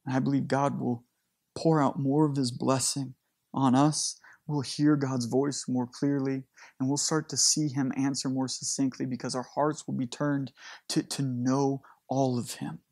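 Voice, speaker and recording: A man with an American accent, a pastor giving an earnest, emotional sermon and closing by reading scripture slowly and deliberately. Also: mid-range voice, little pitch movement, a little mellow, no room sound, clean studio sound.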